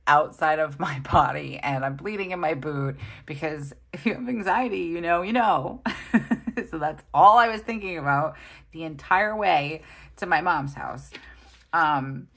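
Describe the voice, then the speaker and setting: A woman's voice: sits low, measured pace, creaky, a bit bright. A woman in her thirties vlogging as she plans, chatty and self-deprecating, laughing often as she tells a story. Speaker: planner vlogger. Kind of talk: casual storytelling while planning.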